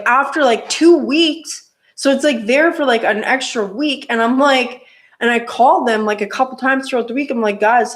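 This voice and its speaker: A woman telling a casual story about her motorcycle build, rambling with lots of fillers and restarts. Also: medium pitch.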